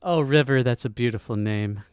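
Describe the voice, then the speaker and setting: A man co-hosting a podcast, talking loudly and profanely in excitable casual banter on a close mic. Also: medium pitch, moderate pace, clear, resonant tone, dry recording. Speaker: podcast co-host.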